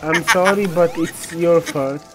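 A woman reacting with quick exclamations and giggles while playing a game with friends. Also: lowish voice, a crowd in the background. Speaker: gamer. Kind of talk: casual gameplay chatter. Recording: game music loud behind.

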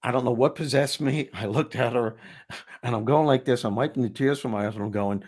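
A man hosting a talk show, telling a personal story in a lively way with frequent restarts. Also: medium pitch, brisk. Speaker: host. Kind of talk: casual storytelling chat.

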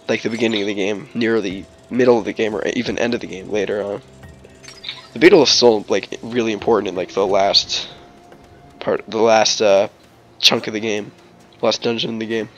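This time the let's play host's voice is lowish with a fairly bright tone. He still rambles jokily through his gameplay, peppering it with "like," restarts, bits of song, and goofy voices.

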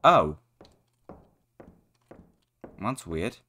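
A young man giving foul-mouthed, excitable commentary while playing a horror game, yelling at what scares him. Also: deep voice, extremely slow, a little hiss or hum. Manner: swearing, excitable, shouting at the game. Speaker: gaming YouTuber.

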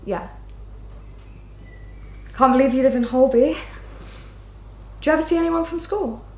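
A wry, evasive young patient. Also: female voice, high-pitched, mellow, reverberant. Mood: guarded, wry. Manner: wry and deflecting, quick comebacks. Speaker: actress. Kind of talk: screen drama acting.

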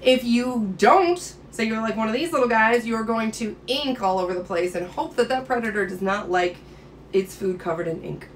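A woman's voice: fairly high pitch, normal speed, a little hiss or hum. Upbeat woman teaching biology. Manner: enthusiastic, chatty, playful. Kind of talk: casual classroom lecture.

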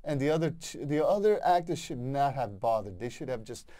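A man co-hosting a casual film review chat, giving opinionated, lively critiques with frequent restarts. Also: medium pitch, a little fast. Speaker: co-host.

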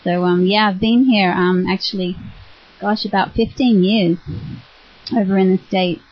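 A woman with an Australian accent, a spiritual teacher greeting online listeners in a warm, chatty way and often laughing. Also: mid-range voice, fairly even intonation, unhurried. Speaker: spiritual teacher on internet radio. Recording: dull lo-fi web radio audio.

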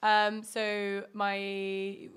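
A woman from Norway chats as a podcast guest, recounting her upbringing in loose, rambling stories full of "um" and "like". Her voice sits at a middling pitch. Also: monotone, very slow, a bit bright, clear, resonant tone. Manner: chatty storytelling with frequent fillers. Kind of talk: casual chat.

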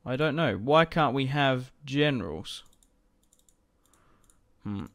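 A man's voice: mid-range voice, expressive, slow pace, fairly bright tone. A young man casually commenting on a strategy game as he plays, rambling and chatty, often laughing to himself. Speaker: gaming commentator.

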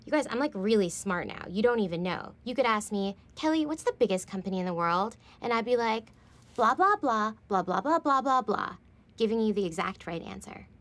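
A woman's voice: medium pitch, animated, fairly quick, a bit bright. An actress playing a bubbly, gossipy, self-absorbed young office woman in a sitcom, talking in chirpy, breathless chatter. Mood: boastful. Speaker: office customer service rep. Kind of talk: sitcom acting.

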